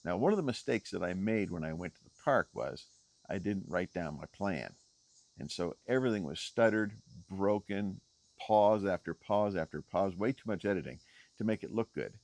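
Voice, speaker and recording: A man's voice: lively intonation, moderate pace, darkish tone, dry recording. A middle-aged man talking straight to the camera on a selfie stick outdoors, in an emphatic, repetitive motivational vlog style. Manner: emphatic, repeats key phrases, rising pitch on stressed words. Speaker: video creator. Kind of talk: unscripted motivational vlog talk.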